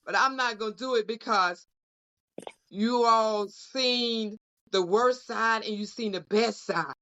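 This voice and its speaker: A woman's voice: on the high side, slow pace, bright, forceful tone. A woman giving heartfelt closing remarks on a podcast panel, repeating phrases in a preacher-like way. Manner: emotional, preacher-like repetition. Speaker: co-host representing a union caucus. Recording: dull lo-fi audio.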